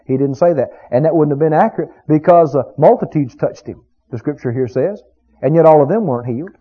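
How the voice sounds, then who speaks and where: A man's voice: a little high, expressive, fast talker, breathy edge. A man preaching a sermon, emphatic and full of rhetorical questions to his congregation. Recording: dull lo-fi recording.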